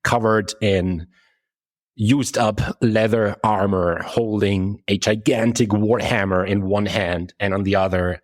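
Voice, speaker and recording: Low-voiced man narrating as game master. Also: no echo, studio quality. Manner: halting, with frequent restarts and fillers.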